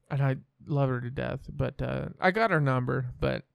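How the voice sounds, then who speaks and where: A man's voice: mid-range voice, a little slow, gravelly, clear, resonant tone, dry recording. A young man from the American Midwest, hosting a podcast and telling a story in a rambling, profane, self-assured way. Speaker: podcast host. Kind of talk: casual storytelling chat.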